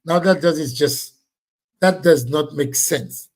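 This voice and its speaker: Brief: male livestream host, loud and blunt, voice sits a bit high. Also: takes it slowly. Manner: loud, blunt, repetitive scolding of commenters. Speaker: livestream host reading viewer comments. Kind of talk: casual livestream chat.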